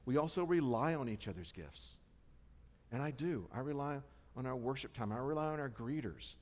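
In a church sanctuary, a male pastor preaches a sermon in a conversational, self-deprecating way, often checking in with the congregation. His mid-range voice has lively intonation at normal speed, and the recording carries long church hall reverb.

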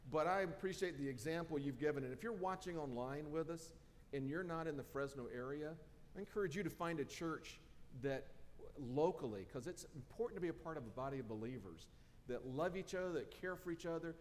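Man, pastor, conversational sermon, fairly high voice, echoing church hall, faint rumble. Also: animated, brisk. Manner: casual and joking, with many fillers and restarts. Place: church sanctuary.

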